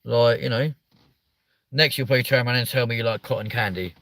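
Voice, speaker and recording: A young man hosting a livestream, chatting in a rambling, sweary way that jumps up in pitch when he gets riled. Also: steady tone, quick pace, a bit bright, dry recording. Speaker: livestream host. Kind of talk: casual livestream chat.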